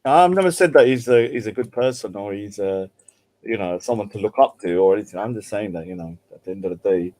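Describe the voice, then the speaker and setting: A man speaking quickly and earnestly in a heated online panel debate, often repeating words as he builds a point. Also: fairly low pitch. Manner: rapid, earnest, repeats words when excited.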